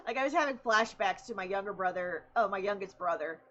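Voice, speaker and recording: A woman's voice: mid-range voice, brisk, few pauses, fairly bright tone, muffled recording. A young woman streamer in casual chat, chatty and laughing often as she tells stories.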